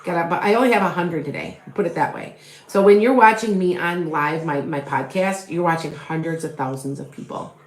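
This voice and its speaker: A woman's voice: fairly low pitch, moderate pace. Chatty middle-aged woman in echoey room. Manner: rambling, chatty, many fillers and restarts. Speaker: tarot reader and psychic medium. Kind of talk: live tarot reading with viewer questions.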